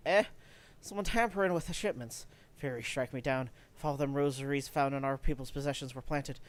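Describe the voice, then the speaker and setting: A man playing a gruff, blunt dock foreman. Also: medium pitch, brisk, lightly acted. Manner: blunt, folksy speech.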